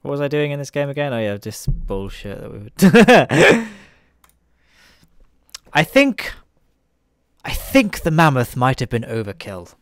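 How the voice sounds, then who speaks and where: A man giving relaxed live commentary on a game he is playing, chatting with viewers and laughing often. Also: mid-range voice, unhurried, long pauses, no echo, clean studio sound. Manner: chatty, chuckling, talks to viewers. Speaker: streamer.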